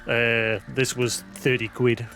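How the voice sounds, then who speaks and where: A man's voice: medium pitch, level tone, takes it slowly, fairly bright tone, soft background music. A man who hosts a live stream, chatting casually, rambling and self-deprecating, thinking aloud with many restarts. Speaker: livestream host.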